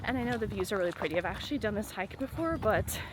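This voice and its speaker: A woman's voice: medium pitch, animated, fast talker. A woman vlogging casually to camera, rambling with lots of fillers, out of breath as she hikes up a windy hillside. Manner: chatty, rambling, filler-heavy. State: out of breath while hiking. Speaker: travel vlogger. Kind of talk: casual vlog talk to camera. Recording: heavy wind noise on the mic.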